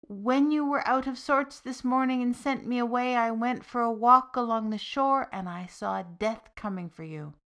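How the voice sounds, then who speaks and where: A woman's voice: fairly high pitch, normal speed, hardly any pauses, fairly bright tone, voice pushed up. Jack is a rash young man devoted to his mother, voiced by a woman reading the story. He talks earnestly and a little ruefully. This is a spoken folk tale for a podcast.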